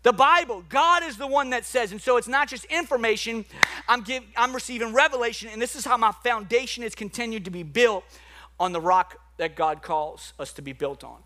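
A high, bright male voice preaching with lively swings between loud bursts and quieter, lower stretches. He is a pastor in his thirties, telling stories and acting out the voices in them. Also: a little fast, slight background noise. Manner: animated preaching with acted-out dialogue and asides. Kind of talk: sermon.

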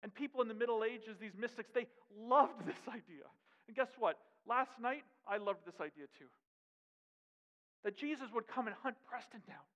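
A man preaching a sermon in an earnest way, repeating phrases to build, shifting from loud to hushed. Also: extremely high pitch, moderate pace. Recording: dull audio in a long-echo hall.

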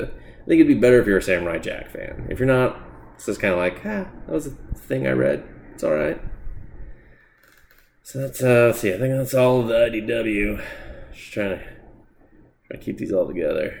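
A man giving blunt, profane, sarcastic comic book reviews in a casual solo podcast. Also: sits low. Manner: blunt, profane, sarcastic rants with mocking asides.

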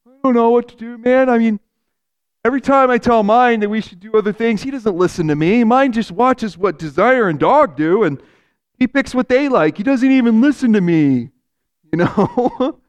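A man's voice: very high voice, lively intonation, moderate pace, pitched above the performer's own voice. A man doing the anxious, people-pleasing Will. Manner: hesitant, worried, keeps pleading for reassurance.

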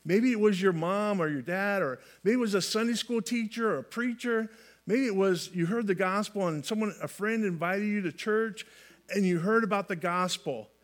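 A man's voice: high voice, normal speed. A man from California preaching a sermon in a folksy way, often restarting phrases and adding light humor. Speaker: pastor.

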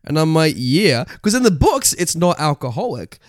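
An Australian man co-hosting a podcast in casual chat, excitable and quick to laugh, swearing freely. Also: on the high side, dry recording, clean studio sound. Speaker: podcast co-host.

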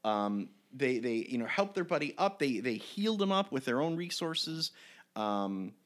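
A man and game master telling a story in an interview, animated and rambling with frequent restarts. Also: mid-range voice, moderate pace.

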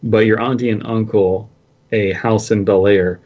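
A man's voice: on the low side, steady tone, unhurried, darkish tone, dull audio. A man co-hosting a casual comedy podcast, rambling loosely and joking as he talks. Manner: rambling, laughs between jokes. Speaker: podcast co-host.

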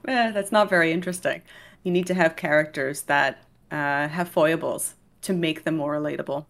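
Female game writer, lower pitch, brisk, dry humor. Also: steady tone, a bit bright. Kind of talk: casual interview talk.

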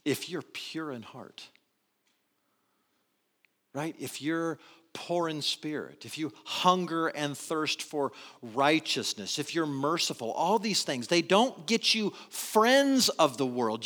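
Pastor, male, mid-high voice, very expressive delivery, builds to loud points then drops low. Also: takes it slowly. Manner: animated preaching, swinging from loud emphasis to quiet asides. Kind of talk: sermon.

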